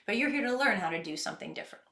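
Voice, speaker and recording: A woman self-help coach teaching in an earnest, reflective way and slowing down to stress her points. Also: on the high side, expressive, sharp tone. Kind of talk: instructional self-help talk. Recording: echoey room.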